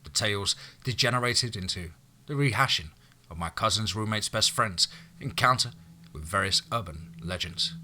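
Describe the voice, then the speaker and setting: Bright-voiced male storyteller, low pitch. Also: lively intonation, moderate pace, a little hiss or hum. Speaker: audiobook narrator. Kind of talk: scripted audiobook narration.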